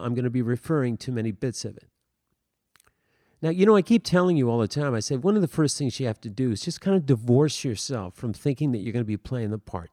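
A man explains acting in an unscripted lesson, talking loosely with fillers, false starts and asides. His voice is mellow and relaxed at a middle pitch. The sound is dry and close, with no room around it. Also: no room sound. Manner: rambling, full of fillers and restarts, paraphrases scene dialogue. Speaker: acting teacher. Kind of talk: casual spoken lesson.

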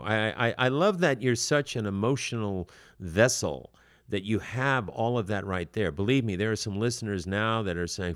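An older man hosting an acting advice podcast, talking in an animated, emphatic way with many fillers. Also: lowish voice, normal speed, no room sound, studio quality. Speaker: acting coach podcast host.

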